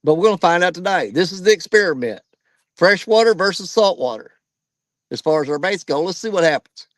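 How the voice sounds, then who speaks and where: A man's voice: fairly high pitch, a bit bright, no echo. A man hosting a live fishing stream outdoors, out of breath and chatting to viewers by name. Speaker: fishing channel host. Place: outdoors at a riverbank.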